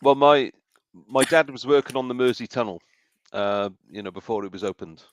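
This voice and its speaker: A man's voice: medium pitch, moderate pace, slight background noise. A man from South Wales hosting a casual live-stream chat, rambling and searching aloud for a word he can't recall. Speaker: host.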